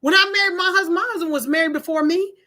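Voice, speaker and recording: A high, bright-voiced middle-aged woman speaks. She lectures her viewers in an animated, preachy way and acts out her own past lines as she goes. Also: racing. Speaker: host of own video page. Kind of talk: casual talk to camera.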